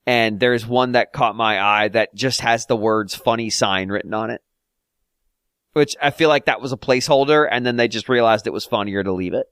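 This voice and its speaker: A podcast co-host chats casually about a game in a mid-range, slightly bright, clear and resonant voice at a moderate pace. He rambles, with lots of fillers and restarts, and the recording is clean studio quality with no echo.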